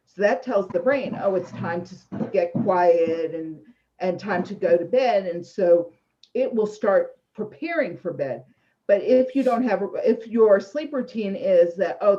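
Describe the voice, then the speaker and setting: A woman in her fifties calmly coaches listeners through bedtime routines and lays out each step. Her voice is mellow and relaxed. The recording sounds dull and lo-fi. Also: medium pitch. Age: 50s. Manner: calm, coaching, explains step by step. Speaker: sleep educator guest. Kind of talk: explanatory interview talk. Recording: dull lo-fi audio.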